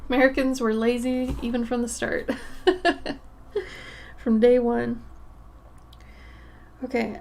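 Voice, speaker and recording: Slow-talking Minnesota woman chatting on stream. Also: on the high side, darkish tone. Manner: chatty, laughs often, trips over words. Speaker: art livestream host. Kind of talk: casual livestream chat with viewers.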